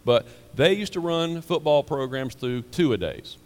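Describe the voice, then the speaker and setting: A man's voice: fairly high pitch, expressive, measured pace, darkish tone. A man preaching as a pastor, casual and emphatic, often repeating his words. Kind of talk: sermon. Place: church sanctuary. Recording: hall reverb.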